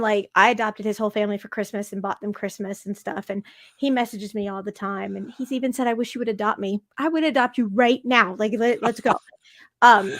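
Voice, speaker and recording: A woman chatting as a guest on a podcast, telling stories in a gushing, animated way with many restarts. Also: mid-range voice, no room sound, clean studio sound. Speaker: podcast guest, fellow show host. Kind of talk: casual conversation.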